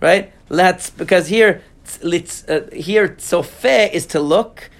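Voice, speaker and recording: High-voiced man explaining Talmud. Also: creaky. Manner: reads Aramaic aloud then translates and explains; halting, with many fillers and restarts. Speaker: Talmud teacher. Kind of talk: casual study session.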